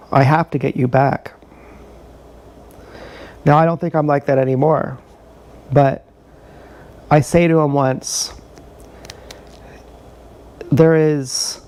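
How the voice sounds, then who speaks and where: A man's voice: on the high side, fairly even intonation, slow pace, pauses often, mellow. A man in his thirties telling a rambling, profane, confessional story in a casual livestream monologue. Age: 30s. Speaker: streamer. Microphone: action camera.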